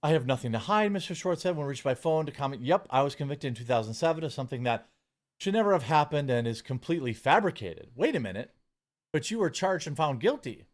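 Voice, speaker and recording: Online commentator reading news aloud, halting and stumbling. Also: male voice, fairly high pitch, expressive. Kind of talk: reading an article aloud on video.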